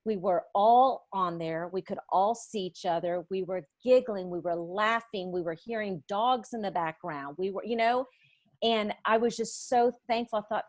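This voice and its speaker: A middle-aged woman recounts a story as a podcast guest, with a voice of middling pitch. She is animated and vivid, bringing other people's voices to life as she tells it. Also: normal speed, no echo. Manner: animated, acts out others' voices in her stories. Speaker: Bible study teacher, podcast guest. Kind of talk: storytelling in a conversation.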